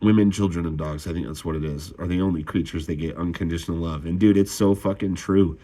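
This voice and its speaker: A man's voice: sits low, fairly even intonation, fast, warm tone. A young man in a raw confessional monologue, swearing and sighing as his voice rises and falls with distress. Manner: raw, swearing, sighing often, voice rising when upset. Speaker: vlogger.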